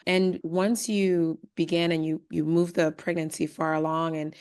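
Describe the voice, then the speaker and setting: A woman who hosts a podcast interview, asking calm questions and murmuring soft affirmations. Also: low voice, normal speed, smooth. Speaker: podcast host. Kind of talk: interview, listening.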